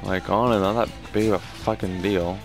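A man's voice: on the low side, fairly even intonation, a little fast. A young man giving casual commentary while playing a video game, swearing often and flaring up at bad plays. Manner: swearing, erupting into angry rants at the game. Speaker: gaming commentator. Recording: game music playing behind.

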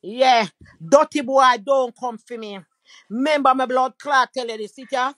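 A woman with a Jamaican accent delivering a loud, aggressive, profane diss rant full of mocking insults. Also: high-pitched, fairly even intonation, normal speed, dry recording. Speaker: social media personality. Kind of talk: angry diss rant to camera.

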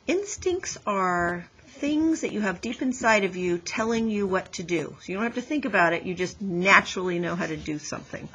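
A woman teacher reading a chapter book aloud to her class over a video call, with clear, explanatory storytelling. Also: medium pitch, lively intonation, normal speed, a bit bright, slight background noise, poor audio.

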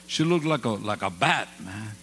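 A man preaching a storytelling sermon as pastor, swinging from quiet asides to loud exclamations, speaking into a microphone in a church sanctuary. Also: fairly low pitch, lively intonation, moderate pace. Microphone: handheld or stand mic. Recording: reverberant church hall with faint hum.

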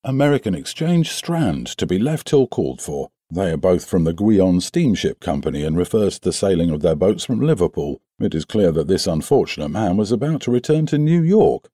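A man's voice: deep voice, very animated, moderate pace, few pauses, warm tone, no room sound, clean studio sound. A man voicing a stiff, easily offended police inspector in an audiobook, answering curtly. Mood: defensive. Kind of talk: audiobook character voice.

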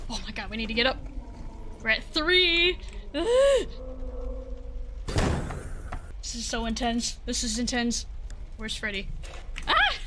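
A woman's voice: fairly high pitch, animated, moderate pace, noisy background. A young woman giving let's-play commentary on a horror game, muttering to the game and breaking into frightened shrieks. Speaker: gaming video creator.

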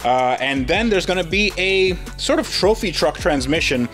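Animated man in his thirties. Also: fairly high pitch, soft background music. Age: 30s. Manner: animated, quick to laugh, self-deprecating. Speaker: host. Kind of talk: casual car-build vlog with sponsor read.

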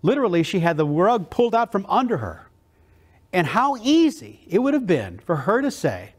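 A man giving a motivational keynote, telling a story with animated delivery and slow dramatic pauses on key words. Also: high-pitched.

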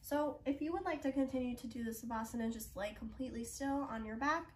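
High-voiced woman guiding kids' breathing. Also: far from the mic, a little hiss or hum. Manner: encouraging, coaxing, talks slowly to children. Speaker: children's yoga instructor at a library. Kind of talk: gentle guided breathing lesson for kids. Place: library room, indoors.

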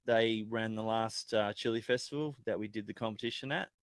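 A man's voice: on the low side, a little fast, no room sound. An Australian man, a guest on a live-streamed chilli-eating chat, talking freely and swearing casually.

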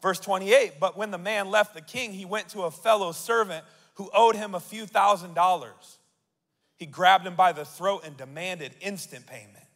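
A male pastor preaching a sermon, reading scripture aloud and building to loud declarations. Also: high voice, moderate pace. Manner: reads scripture aloud and asks the crowd to repeat. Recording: long hall reverb.

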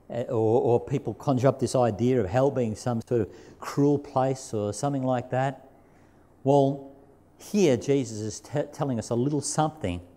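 A man's voice: mid-range voice, mellow. A man pastor giving a sermon in church, talking in a conversational way, reading scripture aloud with emphasis and repeating key phrases. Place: church sanctuary.

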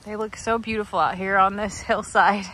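A woman's voice: mid-range voice, fairly even intonation, moderate pace, sharp tone, a little hiss or hum. A woman vlogging outdoors on a farm, chatting casually and cooing at her goats, with frequent laughter. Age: adult, working a day job. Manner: coos and baby-talks to goats, laughing often. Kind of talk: casual vlog narration.

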